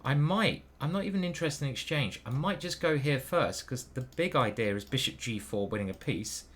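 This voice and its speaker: A man's voice: medium pitch, lively intonation, a little fast, fairly bright tone. A man thinking aloud as he plays online chess, muttering moves and questioning himself. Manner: muttering move by move, hesitant self-questioning. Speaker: chess grandmaster commentating his own games.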